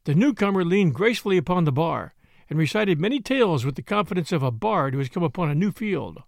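A man reading a story aloud in an expressive, varied narration. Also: sits high, fast talker, creaky, dry recording, studio quality.

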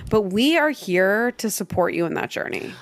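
A woman's voice: mid-range voice, expressive, moderate pace, dry recording. Woman co-host, jokey, rambling, dry close sound. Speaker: podcast co-host. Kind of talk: casual chat.

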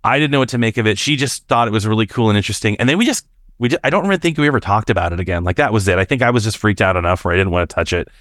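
Deep-ish guy telling his story, kinda halting, voice jumps up when he quotes people, dry sound. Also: no room sound. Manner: animated, jumps up in pitch to act out quoted voices; halting, with restarts and fillers. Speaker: caller sharing a personal experience. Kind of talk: casual storytelling.

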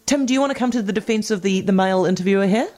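Brisk fast-talking New Zealand woman. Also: medium pitch, a little mellow. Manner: brisk, teasing, blunt. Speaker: radio host. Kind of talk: talk radio panel chat.

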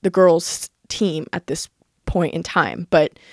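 A woman's voice: lowish voice, a little mellow, no room sound, clean studio sound. A young woman in her twenties hosting a podcast, telling a personal story in a rambling, candid way, full of "like" and casual swearing. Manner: fast, filler-heavy talk with lots of "like" and swearing. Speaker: podcast host.

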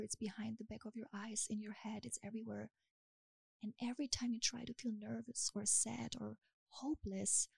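A woman hypnotist with a German accent, speaking in a slow, soothing, suggestive way. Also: medium pitch, creaky, a little mellow, slightly rough, dry recording. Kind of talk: hypnosis induction then casual chat.

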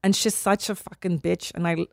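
A woman's voice: fairly low pitch, fairly even intonation, moderate pace, creaky, no room sound, studio quality. A woman in her forties hosting a podcast, rambling and swearing freely, with sighs and restarts, a little stuffy from cold medicine. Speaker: podcast host. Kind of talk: casual chat.

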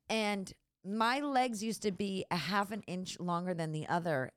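A woman hosting a podcast, chatty and animated as she tells a story. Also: medium pitch, no room sound, clean studio sound. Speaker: podcast host. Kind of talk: casual chat.

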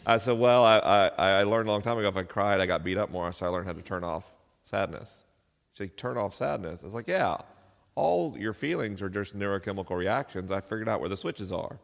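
A man's voice: fairly low pitch, animated, fairly quick, vocal fry. A middle-aged man, a podcast host, telling a personal story live to an audience, self-deprecating and laughing often. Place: live venue. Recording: live hall with long reverb.

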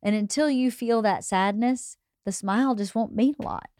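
A woman's voice: on the high side, moderate pace, a little mellow, no room sound. A woman hosting a podcast, chatting frankly and easily, swearing casually and laughing readily. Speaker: podcast host.

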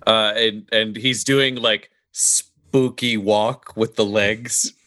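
A man's voice: on the low side, steady tone, slow pace, bright, forceful tone. A man as a tabletop player, chatting casually and amused. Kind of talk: casual chat.

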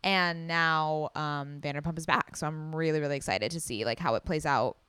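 A young woman hosting a solo podcast, chatting excitedly and gushing, with casual swearing. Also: deep voice, normal speed, clear, resonant tone, no room sound. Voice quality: loud. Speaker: podcast host.

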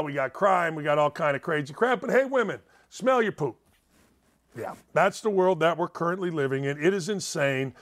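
A man hosting a talk show, reading out news articles with sarcastic, incredulous commentary and swinging from loud outbursts to muttered asides. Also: sits high.

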